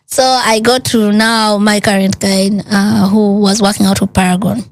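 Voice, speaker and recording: An earnest woman shares a hard personal story as a guest. She talks in a lively way, slipping into the voices of the people she quotes. Her voice sits in an ordinary middle pitch. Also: normal speed, hardly any pauses, no room sound. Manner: animated retelling with quoted dialogue, earnest.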